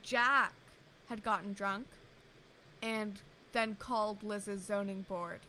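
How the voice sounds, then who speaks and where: A woman's voice: medium pitch, steady tone, slow pace, pushed and bright, a little hiss or hum, poor audio. A young woman co-hosting a podcast in casual chat, playful and teasing, rambling as she talks. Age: young adult. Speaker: podcast co-host.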